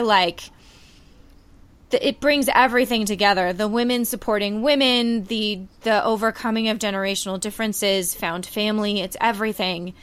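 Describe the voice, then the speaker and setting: A woman co-hosting a podcast, warmly retelling a TV scene in a casual, emotional way with many fillers. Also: medium pitch, moderate pace. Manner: emotional, animated storytelling with fillers. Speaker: podcast co-host. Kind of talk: casual chat reviewing a TV series.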